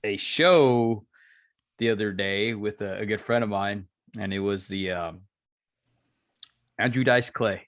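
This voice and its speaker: A man's voice: on the low side, unhurried, long pauses, a bit bright, dry recording, studio quality. A man hosting a podcast, chatting casually and often chiming in with short agreement. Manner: brief agreeing interjections, laughs easily. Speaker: podcast host. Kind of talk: casual chat.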